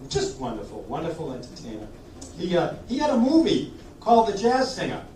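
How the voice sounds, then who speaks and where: A man entertaining seniors at a live sing-along, chatting warmly between songs and coaxing the crowd to sing with him. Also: on the high side, huge pitch swings, brisk. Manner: chatty, encouraging, leads audience singing. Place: senior living community hall. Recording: roomy hall, heard from a distance. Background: instrumental backing music.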